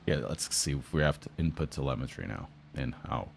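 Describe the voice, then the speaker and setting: A man with a Portuguese accent and a very low, deep voice talks loosely to his stream audience, joking and answering chat between corners. A faint hiss of noise sits under his speech. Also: expressive, a little fast, gravelly. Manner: chatty, joking, answering chat while driving. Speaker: sim racing streamer. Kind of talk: casual live-stream chat.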